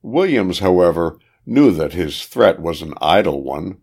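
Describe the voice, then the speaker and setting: A man reading a period detective novel aloud, measured and steady, lifting his voice for the characters' dialogue. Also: low-pitched, breathy edge. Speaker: audiobook narrator.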